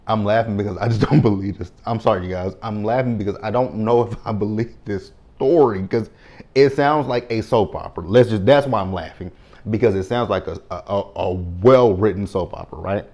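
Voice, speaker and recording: A man hosting a casual recap, chatty and quick to laugh, swearing freely. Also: lowish voice, a little mellow, dull audio. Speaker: recap host.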